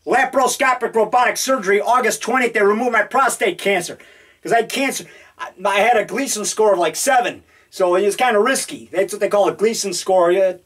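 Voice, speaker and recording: A man in his fifties rambling excitedly through a home video in his basement, now and then growling mock monster roars. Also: sits high, a little fast. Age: 50s. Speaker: independent horror filmmaker. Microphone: handheld digital camera.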